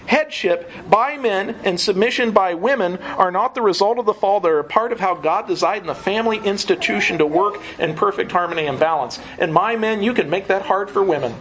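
A man's voice: high voice, a little fast, few pauses, a bit bright, slight background noise, low-quality recording. A man preaching a sermon, earnest teaching that often breaks into a chuckle.

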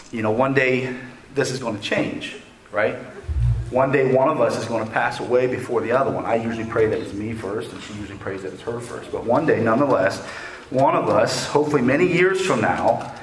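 Man, 40s, guest preacher, folksy joking sermon, mid-pitched voice, echoey church. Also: a little hiss or hum. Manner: folksy and joking, often laughing and checking "okay?". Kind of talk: sermon with personal story. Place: church sanctuary.

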